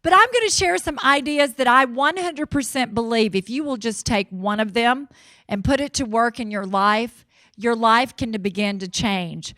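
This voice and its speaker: A woman from Mississippi with a Southern accent, giving an energetic, folksy motivational keynote on a stage mic. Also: a little high, no room sound. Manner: energetic, folksy, cheering the crowd on. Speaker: motivational speaker. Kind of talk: keynote speech to a live audience.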